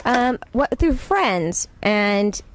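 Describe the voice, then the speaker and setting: Radio guest, woman, slightly high voice, chatty, giggly. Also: very animated, drawn-out words, a little hiss or hum. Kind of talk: radio interview chat.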